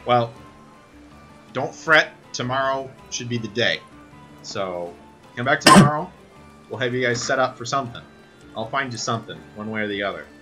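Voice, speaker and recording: A gruff, cranky fight promoter, as a game master plays him, loud and raised in pitch, grumbling and cursing with impatience. Music hums in the background. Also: male voice, lively intonation, normal speed, pauses often, natural voice. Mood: reassuring.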